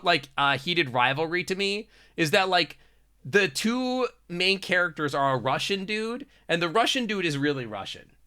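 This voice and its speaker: A man's voice: sits high, bright, forceful tone, clean tone. A young man streaming a game, reading its text aloud and bantering crudely with chat, laughing often. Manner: playful, crude, laughs often, reads narration aloud between jokes.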